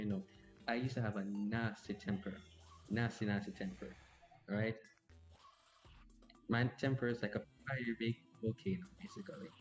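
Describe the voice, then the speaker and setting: A man streaming a game, telling a long personal story in a rambling way, repeating and restarting phrases, and swearing casually. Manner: bursts out louder and higher at the game. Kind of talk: casual storytelling while gaming. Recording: roomy echo with loud music.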